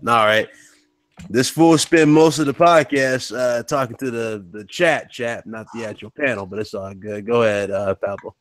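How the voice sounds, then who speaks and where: A man hosting a casual gaming podcast, relaxed as he hands the mic to each panelist. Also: medium pitch, normal speed. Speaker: podcast host. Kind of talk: casual podcast outro chat.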